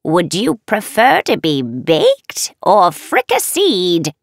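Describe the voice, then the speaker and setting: A woman's voice: on the low side, wildly swooping pitch, takes it slowly, gravelly, no room sound, clean studio sound, exaggerated voice. A woman voicing a teasing, cackling wicked witch in an audiobook. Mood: sly. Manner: cackling, theatrical.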